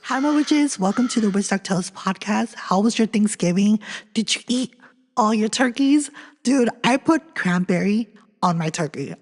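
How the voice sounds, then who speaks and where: A young woman from California hosting a casual podcast, chatty and excitable, talking straight to her listeners. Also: medium pitch. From Fresno, California. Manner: chatty and excitable, many "like" fillers, addresses listeners directly. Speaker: podcast host. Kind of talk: casual podcast chat and reading history notes. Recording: long reverb, hall-like echo.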